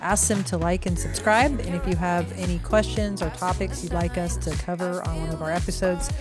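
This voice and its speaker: A woman hosting a casual group podcast, chatty and relaxed, sometimes trailing off mid-thought. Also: lowish voice, fairly quick, music in the background. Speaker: podcast host.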